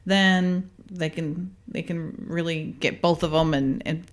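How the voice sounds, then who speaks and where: A woman's voice: fairly low pitch, fairly even intonation, slow pace. A woman hosting a podcast, casually recapping a TV episode, chatty with frequent fillers and laughter. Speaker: podcast host.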